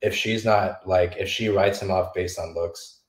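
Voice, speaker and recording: A man's voice: low-pitched, steady tone, roomy sound, poor audio. A man co-hosting a podcast in casual chat, arguing his points and pushing back. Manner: argumentative, quick to push back.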